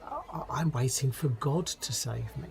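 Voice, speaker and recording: A man's voice: medium pitch, measured pace, vocal fry, background noise. Old woman, voiced by a man, British accent, stubborn, pious, prim quavering voice, told as a podcast anecdote. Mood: primly refusing.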